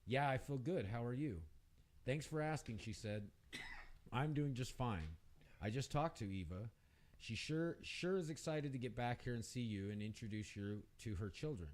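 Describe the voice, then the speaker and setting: A man's voice: expressive, moderate pace, darkish tone, a little hiss or hum. Man reading a story on radio. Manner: reads aloud, raises pitch for the women's lines. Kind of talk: story reading with character voices. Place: radio studio.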